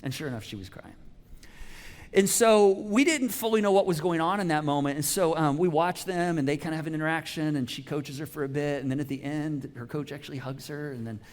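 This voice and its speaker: Higher-voiced man preaching conversationally. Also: a little fast. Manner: casual storytelling, drops to soft hushed tones at tender moments. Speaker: pastor. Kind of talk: conversational sermon.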